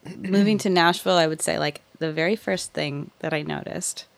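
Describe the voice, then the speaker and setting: A young woman from the Pacific Northwest chats in a relaxed podcast conversation. Her voice sits on the low side for a woman. She tells stories candidly and swears without a second thought. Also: fairly quick, gravelly. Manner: candid, swears freely, animated storytelling. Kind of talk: casual podcast chat.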